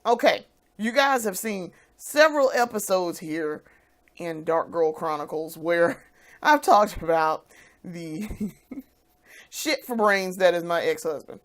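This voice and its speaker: A woman venting in a vlog, blunt and profane, swinging from quiet, hesitant musing to loud, heated outbursts. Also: fairly low pitch, lively intonation, slow. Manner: fiery, profane, blunt ranting. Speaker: vlogger.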